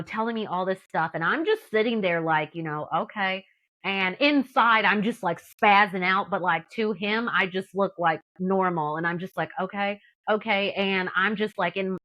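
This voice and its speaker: A woman sharing her personal faith testimony in a casual, animated way, acting out what people said with lots of "like" and fillers. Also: mid-range voice, muffled recording. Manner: animated, acts out quotes, frequent "like". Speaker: testimony guest.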